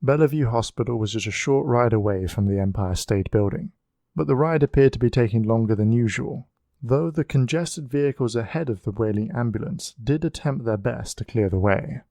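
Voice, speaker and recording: A man's voice: medium pitch, no echo. Man reading an audiobook in a dry room. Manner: even, measured reading. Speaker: audiobook narrator. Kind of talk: scripted narration.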